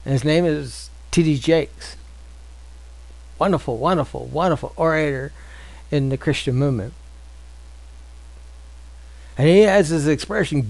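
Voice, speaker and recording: A man leading a Bible study in a relaxed, conversational manner, reading scripture and piling up rhetorical questions. His voice sits a little high for a man and has a gravelly, rough grain. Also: measured pace, pauses often, no room sound, poor audio. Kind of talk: informal Bible teaching.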